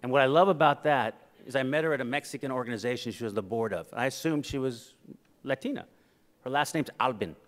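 A middle-aged man gives a humorous keynote speech in a reverberant conference hall, telling personal stories. He's animated and acts out quoted voices for laughs, speaking fast in a mid-range voice.

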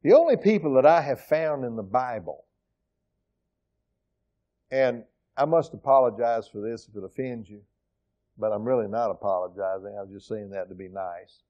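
A middle-aged man preaching a sermon as pastor, emphatic, swinging from loud exclamations to quiet asides. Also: mid-range voice, normal speed, muffled recording. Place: church sanctuary.

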